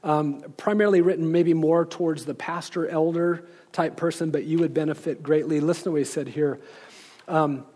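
A man, apparently a pastor, informally recommending books and pausing often as he reflects. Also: fairly high pitch, fairly even intonation, warm tone. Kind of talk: informal book recommendations with read-aloud quotes.

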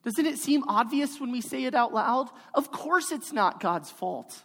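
A woman delivers a sermon at an unhurried, deliberate pace, pressing each point with repeated phrases. Her voice sits at a middle pitch and carries a long reverb from a large hall. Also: lively intonation, fairly bright tone. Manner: emphatic, repetitive preaching cadence. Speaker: preacher.

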